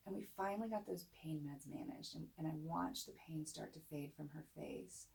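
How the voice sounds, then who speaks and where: A middle-aged woman giving an earnest, emphatic motivational talk to camera, sometimes dropping to a soft whisper. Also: low voice, moderate pace, gravelly, poor audio. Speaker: motivational speaker.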